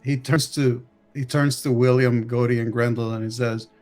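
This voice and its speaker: A man's voice: mid-range voice, steady tone, normal speed, hardly any pauses, darkish tone, faint music behind. A man playing a tabletop game, casually describing what his character does. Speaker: player. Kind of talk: narrating own character's actions.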